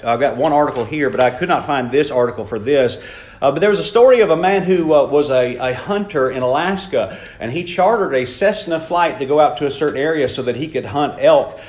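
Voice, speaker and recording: A man preaching a sermon in a folksy, conversational way, slowly repeating his key points. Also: a little high. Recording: echoey room.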